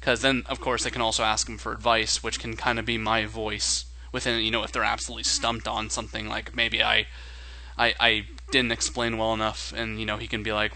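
A man's voice: on the low side, monotone, brisk, bright, forceful tone, low-quality recording. A man co-hosting a casual podcast about tabletop games, running as game master and thinking aloud in a rambling way.

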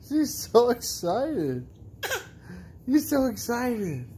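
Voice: mid-range voice, lively intonation, takes it slowly, pauses often, noisy background. Sing-song parent cooing at babies. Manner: sing-song, encouraging baby talk. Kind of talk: home video, talking to babies.

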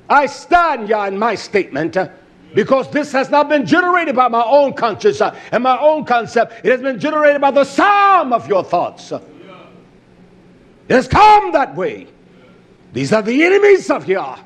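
A man preaching a fiery, confrontational sermon, swinging between loud shouts and hushed, drawn-out stresses and repeating key phrases. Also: sits high.

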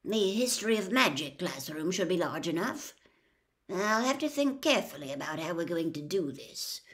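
A woman voicing a kindly, tired male teacher in a storybook reading, speaking softly and thoughtfully. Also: fairly low pitch, big pitch swings, moderate pace.

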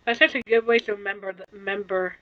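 A tired woman streamer in casual chat, soft-spoken and apologetic, yawning now and then. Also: medium pitch, steady tone, fast, highs cut off.

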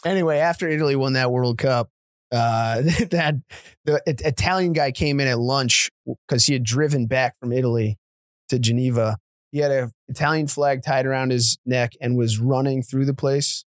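A man of middle pitch co-hosts a podcast, telling loose, rambling stories in a casual way. The close mic gives a dry sound. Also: moderate pace, no room sound. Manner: rambling storyteller with frequent laughs and restarts. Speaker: podcast co-host.

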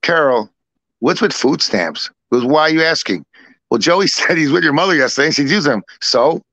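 A middle-aged man spins a long family story in loose, repetitive chat, playing every voice in it himself. His voice sits a little high for a man. The sound is close and dry, with no room around it. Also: animated, fairly quick, bright, forceful tone, dry recording. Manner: rambling, repeats himself, acts out both sides of dialogue. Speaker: podcast co-host. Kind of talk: casual storytelling.

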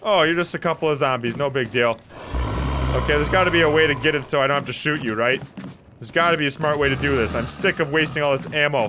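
A man with a fairly high-pitched voice talks fast, giving let's-play commentary on a horror game over game music. He's jumpy, often shrieking and laughing nervously.

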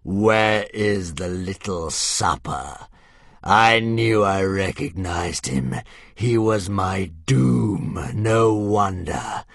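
A man voicing a huge, dying, vengeful male sea dragon in an audiobook, hissing slowly and with menace. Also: sits low, creaky, a bit bright, no room sound, clean studio sound, heavily acted. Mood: menacing. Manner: slow, drawn-out hissing menace. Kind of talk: audiobook character voice.

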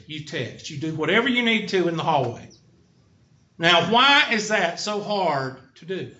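A man's voice: high voice, bright, forceful tone. A middle-aged man with a Southern American accent, a college instructor giving a blunt, folksy classroom lecture and tossing questions to the class. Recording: lo-fi, echoey classroom.

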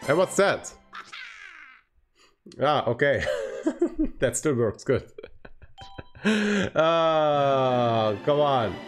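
Excitable streamer guy, kinda high voice, quiet game music behind. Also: slow pace, pauses often. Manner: excitable, swings from groaning to cheering. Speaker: livestreamer. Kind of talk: live gameplay commentary.

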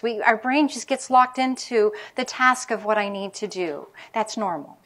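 A woman's voice: a little high, a little slow, few pauses, a bit bright. A middle-aged woman physician giving a public lecture on caregiving, speaking frankly and telling personal stories. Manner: candid, anecdotal, speaks frankly about caregivers' feelings. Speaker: palliative care physician.

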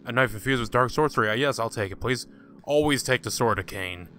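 A man giving casual let's-play commentary in a bright, forward voice, full of sarcastic jokes and asides to the game's characters. A faint hiss sits under his talk. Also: medium pitch, fairly quick. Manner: joking, sarcastic, talks to game characters. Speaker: gaming channel host.

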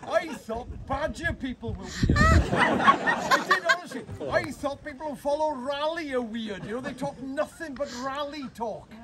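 A man's voice: very high voice, big pitch swings, a little slow, few pauses. A man with a Welsh accent giving a chatty, teasing, rambling speech to open a bird hide, full of asides. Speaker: guest speaker opening a bird hide. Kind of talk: humorous off-the-cuff public speech. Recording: crowd noise and background chatter.

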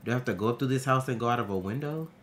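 A man streaming a horror game, talking to himself in casual, profane, excitable commentary. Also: medium pitch, rapid-fire, slight background noise. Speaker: gaming streamer.

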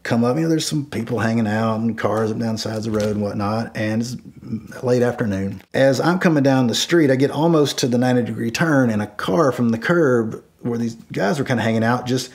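A middle-aged man recounts a tense memory in a loose, conversational way. His voice sits at an ordinary pitch, and he keeps restarting sentences and leaning on fillers as he talks. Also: brisk. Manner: rambling, many fillers and restarts, shouts quoted lines loudly. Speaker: storyteller guest. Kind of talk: casual spoken storytelling.

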